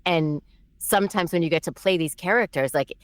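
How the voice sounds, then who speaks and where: Low-voiced chatty woman voice actor. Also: fairly quick, clean tone, no room sound. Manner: chatty, animated, many fillers and restarts. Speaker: voice actress. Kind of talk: casual interview answers.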